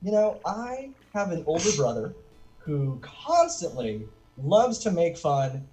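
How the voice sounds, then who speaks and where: A man's voice: sits high, takes it slowly, faint music behind, poor audio. A man doing a rambling, self-deprecating stand-up set. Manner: rambling, self-deprecating delivery with lively swings. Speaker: stand-up comedian. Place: virtual comedy show inside a video game.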